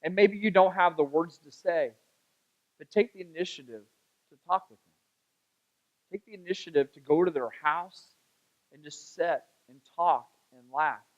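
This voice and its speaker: A man pastor telling a story in a sermon, chatty and animated, acting out the voices of the people in it. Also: fairly high pitch, moderate pace, long pauses, highs cut off. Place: church sanctuary.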